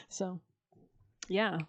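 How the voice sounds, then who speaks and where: A woman's voice: medium pitch, heavy background noise. A woman giving a casual, chatty tarot reading, full of slang and filler words and breaking into frequent laughs. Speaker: tarot reader.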